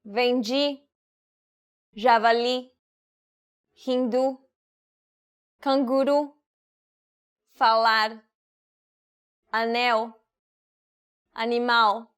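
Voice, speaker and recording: A woman modeling single words in a slow pronunciation drill, careful and deliberate. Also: a little high, fairly even intonation, fairly bright tone, clear, resonant tone. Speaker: native speaker model.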